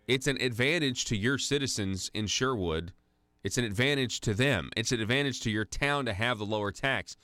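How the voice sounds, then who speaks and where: A man's voice: mid-range voice, animated, moderate pace, bright, forceful tone, dry recording. A man hosting a conservative talk radio show, delivering an indignant, sarcastic monologue full of restarts into a studio microphone. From United States.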